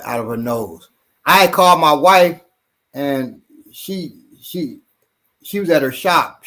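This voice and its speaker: A man's voice: mid-range voice, a bit bright. A man co-hosting a casual podcast, rambling with repeated words, occasional swearing and easy laughs. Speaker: show co-host and self-defense trainer.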